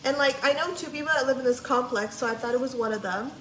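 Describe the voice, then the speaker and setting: On a livestream, a woman with a high, fast voice casually tells a long story, chatting away, saying "like" constantly, quoting people, and swearing freely. She's a livestream vlogger, recorded in an echoey room with faint background noise.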